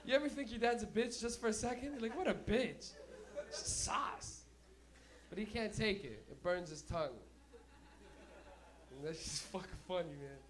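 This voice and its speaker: A young man hosting a comedy night and telling stand-up stories in a loud, profane way, breaking into laughter, in a small club. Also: high voice, fairly quick. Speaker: comedy host. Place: small smoky comedy venue.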